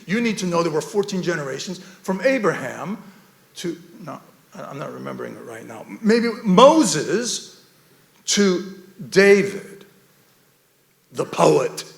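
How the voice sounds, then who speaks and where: A man giving an animated, rambling talk about poetry, laughing often as he goes. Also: on the high side, moderate pace, vocal fry, roomy sound.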